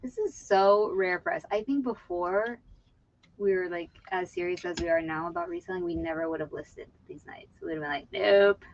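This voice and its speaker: A woman's voice: mid-range voice, expressive, a little fast, vocal fry. A woman from Virginia hosting a casual reseller stream. She chats while she works, giggles often and says "like" and "you know what I mean" a lot. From Virginia, USA. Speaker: eBay reseller and channel host. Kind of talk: casual chat while working. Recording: slightly dull lo-fi sound.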